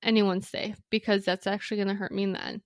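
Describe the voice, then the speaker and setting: A young adult woman from Wisconsin hosting a podcast, telling a story in a chatty, casual way, full of "like" and quick side notes. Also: mid-range voice, flat delivery, no echo, studio quality. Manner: chatty, lots of "like", quick asides and apologies. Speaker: podcast host.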